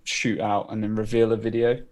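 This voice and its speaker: A man's voice: fairly low pitch, flat delivery, brisk, darkish tone. A man appearing as a guest developer, explaining his coding demos in a casual, rambling way. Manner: rambling, many fillers and restarts.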